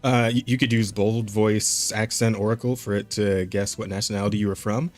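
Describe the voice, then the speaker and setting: A man's voice: fairly low pitch, steady tone, a little fast, a little mellow, faint music behind. A man co-hosting a podcast in casual chat, laughing often and rambling with plenty of swearing. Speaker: podcast co-host.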